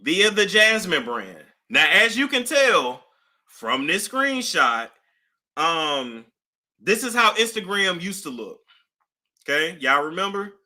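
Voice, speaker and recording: A woman hosting a casual celebrity gossip talk, animated, with nervous laughter and dramatic gasps. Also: lowish voice, slow.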